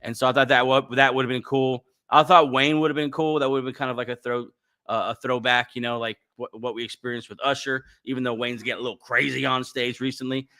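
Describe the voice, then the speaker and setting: A man's voice: mid-range voice, little pitch movement, fast talker, sharp tone. A man hosting a casual livestream podcast, chatting in a rambling way with lots of fillers and restarts. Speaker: podcast host.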